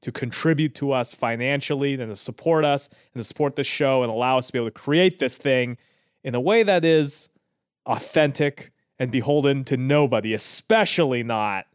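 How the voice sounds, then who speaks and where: A man's voice: mid-range voice, moderate pace, smooth, dry recording, studio quality. A man co-hosting a comedy podcast, reading the outro and a plug in a jokey, emphatic way. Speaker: podcast co-host.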